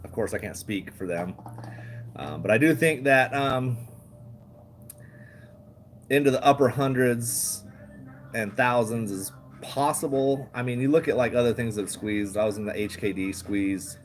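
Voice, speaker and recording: A man's voice: mid-range voice, unhurried, pauses often, a little hiss or hum. A man hosting a casual livestream, rambling, chuckling often and swearing freely. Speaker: livestream host.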